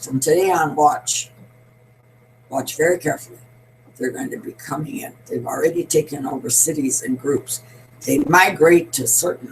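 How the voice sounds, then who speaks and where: A woman's voice: sits low, fairly bright tone, a little hiss or hum, poor audio. A woman in her eighties, a show host, giving a blunt, rambling, emphatic opinionated monologue. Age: 80s.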